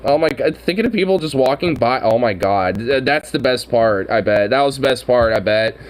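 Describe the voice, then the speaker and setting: A man's voice: medium pitch, expressive, brisk, slight background noise, rough recording. A man chatting casually, rambling and swearing, laughing often as he riffs on a story. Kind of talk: casual chat.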